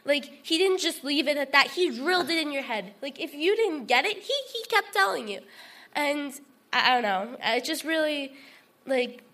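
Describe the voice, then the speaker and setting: High bright woman telling her story, rambles, says like a lot, earnest. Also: animated, normal speed. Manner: rambling, full of "like" and restarts; earnest and emotional. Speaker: testimony speaker. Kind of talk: personal testimony at a group sharing.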